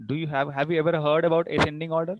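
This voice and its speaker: A man's voice: on the high side, level tone, racing, phone-quality sound, heavy background noise. A man with an Indian English accent teaching English vocabulary, switching between English and Hindi and checking understanding with questions. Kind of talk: online lecture, mixing English and Hindi.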